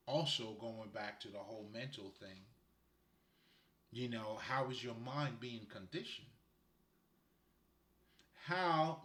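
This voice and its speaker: A man from Haiti, working as a spiritual guide, chats in a laid-back, rambling way full of laughter. His medium-pitched voice is fairly bright, heard with a roomy echo.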